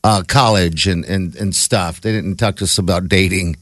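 A man's voice: low voice, steady tone, normal speed, a bit bright, dry recording. A man co-hosting a radio show, chiming in with dry wisecracks.

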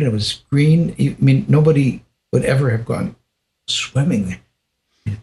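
An older man from the United States recounts a personal memory as a podcast guest. His pitch sits in the ordinary middle range for a man, and his telling is reflective and unhurried. He often stops and restarts his sentences and adds small laughs as he talks. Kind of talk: personal storytelling in conversation.

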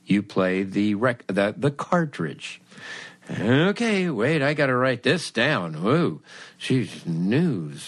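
In a mid-range voice with no echo, a middle-aged man delivers a storytelling monologue on his podcast, poking fun at himself and voicing both parties in the exchange.

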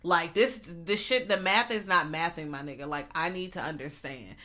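A woman's voice: lowish voice, normal speed, sharp tone. A woman co-hosting a casual chat about a series, blunt and emphatic with frequent profanity. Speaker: podcast co-host.

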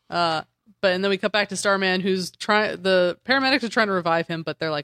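Bright, dry-sounding man in casual chat. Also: high voice, a little fast, clean tone, dry recording. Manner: rambling, laughs often, acts out characters' lines. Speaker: podcast co-host. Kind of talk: casual chat recapping a comic.

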